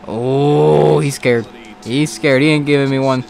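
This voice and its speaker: A man giving casual let's-play commentary on a baseball video game, excitable, swearing and talking back to the game. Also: medium pitch, measured pace, gravelly. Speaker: gaming commentator.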